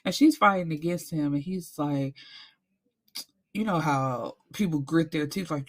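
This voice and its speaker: Woman gushing and ranting about a book plot, aave, slightly low voice, swears a lot. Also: unhurried. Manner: animated storytelling, acts out characters, swears freely. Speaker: book reviewer. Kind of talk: casual book recap.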